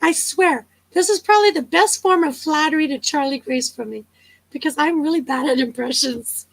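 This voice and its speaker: A chatty woman with a fairly high voice hosts a casual live chat. She tells rambling stories and laughs often, and the sound is dry and close with no room echo. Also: normal speed, gravelly. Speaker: livestream host.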